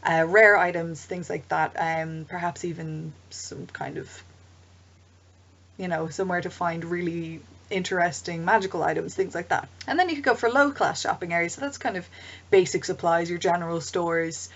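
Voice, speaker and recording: A woman talks through tips for running tabletop games in a loose, chatty vlog style. Her voice sits low for a woman, and she drifts into asides with frequent ums. The recording is dull and lo-fi. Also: normal speed, a bit bright. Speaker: game master advice vlogger. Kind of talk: casual explanatory vlog.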